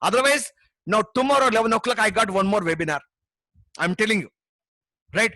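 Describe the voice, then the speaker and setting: Bright high-voiced Indian English man. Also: expressive, a little fast, no echo. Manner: passionate, pushy, many tag questions. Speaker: memory trainer. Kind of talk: webinar sales pitch.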